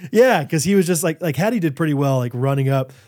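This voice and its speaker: A man in his thirties co-hosting a podcast, telling stories in casual chat and acting out shouted quotes. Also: on the high side, quick pace. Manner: animated storyteller, acts out shouted quotes. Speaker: podcast co-host.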